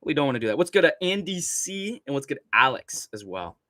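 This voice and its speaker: A man's voice: medium pitch, sing-song, brisk, sharp tone, dry recording. A young man hosting a casual livestream, ranting and rambling with constant swearing and laughter while reading chat. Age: young adult. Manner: profane, rambling rants with frequent laughter.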